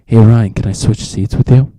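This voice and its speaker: A man's voice: on the low side, fairly even intonation, normal speed, dark tone. Profane teen guy telling a rambling story. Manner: rambling, profane, acts out friends' lines. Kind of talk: casual storytelling.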